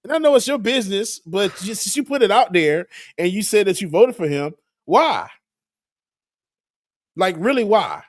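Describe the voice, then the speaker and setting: A man's voice: sits high, animated, normal speed, no room sound, clean studio sound. A man in a casual political chat, questioning and incredulous.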